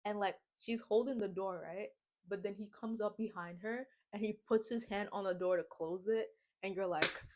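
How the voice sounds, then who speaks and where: A young woman retells a film plot for her vlog in a lively, slang-heavy way. She talks casually and makes dramatic comic asides in a mid-pitched voice. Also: moderate pace. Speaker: movie reaction vlogger. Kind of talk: casual movie recap and reaction.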